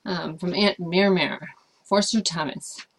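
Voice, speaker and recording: A woman's voice: lowish voice, fairly even intonation, slow, slight background noise. A woman chatting casually as she answers viewer questions about life with her service dog, thoughtful and hesitant, with frequent fillers. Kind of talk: casual Q&A chat.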